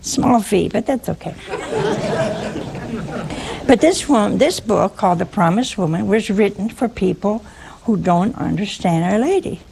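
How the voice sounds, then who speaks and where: Gravelly woman preaching, slow and teasing, keeps asking the crowd stuff. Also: medium pitch, animated, dark tone, slight background noise. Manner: wry and teasing, asks the audience questions. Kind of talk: humorous sermon.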